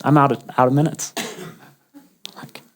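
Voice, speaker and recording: A man's voice: mid-range voice, flat delivery, moderate pace. A man casually telling a personal faith story, humorous and chatty, often restarting his sentences. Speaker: guest sharing a faith testimony.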